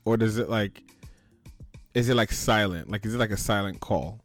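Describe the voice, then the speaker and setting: Deep-voiced man hosting a chatty show. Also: normal speed, faint music behind. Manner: lively, joking, laughs often, trails off with fillers. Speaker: podcast host. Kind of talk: casual online chat show.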